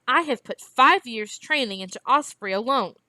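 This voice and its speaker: A woman's voice: fairly high pitch, expressive, normal speed, sharp tone, no echo. A woman reading aloud, voicing a stiff, haughty male scholar who speaks in a cool, clipped, formal way.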